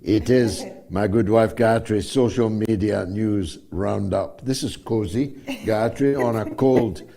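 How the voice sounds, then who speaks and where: An older man hosting a live talk show, speaking emphatically and rhetorically with a slow, deliberate delivery. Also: lowish voice, creaky, warm tone.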